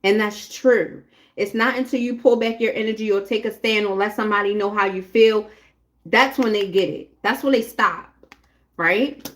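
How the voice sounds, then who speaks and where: A woman's voice: mid-range voice, moderate pace, slight background noise. A woman giving a casual live tarot reading, talking bluntly and chattily straight to her viewers. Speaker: tarot reader.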